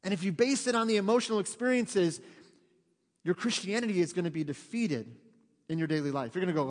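A man preaching a sermon in a church, talking to the congregation in a lively, conversational way and acting out quotes. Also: sits high, fairly quick, big-room sound. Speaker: pastor. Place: church sanctuary.

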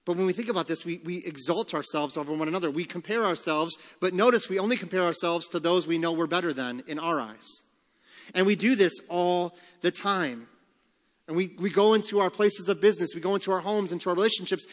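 Male pastor, emphatic sermon delivery, slightly high voice, live church reverb. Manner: emphatic preaching, slowing and rising on key phrases. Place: church sanctuary. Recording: long church hall reverb.

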